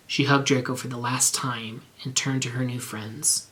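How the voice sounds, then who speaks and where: A man reading bad fan fiction aloud in a measured, straight-faced narration. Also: mid-range voice, little pitch movement, fairly bright tone.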